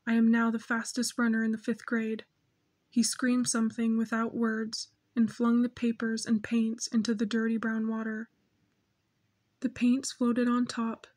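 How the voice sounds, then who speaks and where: Steady, even-toned woman narrating a story. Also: a little high. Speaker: audiobook narrator. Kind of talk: scripted narration.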